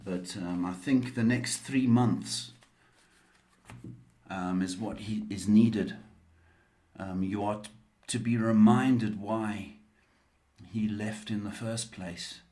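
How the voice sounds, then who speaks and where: A man doing a live-streamed psychic card reading, answering viewers slowly, with many ums and pet names like baby and sweetheart. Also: on the low side, fairly even intonation, dark tone.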